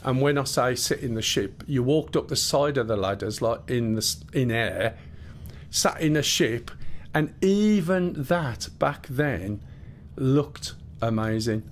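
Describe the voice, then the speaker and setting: A man's voice: medium pitch, lively intonation, measured pace, slight background noise. A man casually chatting and explaining things as he live-streams a game, rambling and swearing a bit. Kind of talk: live gameplay stream chat.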